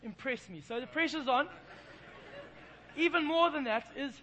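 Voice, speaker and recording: English guy preaching in church, really high bright voice, jokey self-mocking story. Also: normal speed, some chatter behind, a little hiss or hum, low-quality recording. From England. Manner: self-deprecating, playful storytelling. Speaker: pastor. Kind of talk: sermon with humorous storytelling.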